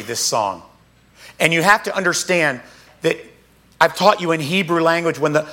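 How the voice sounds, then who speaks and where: A man preaching a sermon, reading scripture aloud and explaining it in an emphatic, casual way with quick asides. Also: fairly high pitch, a bit bright.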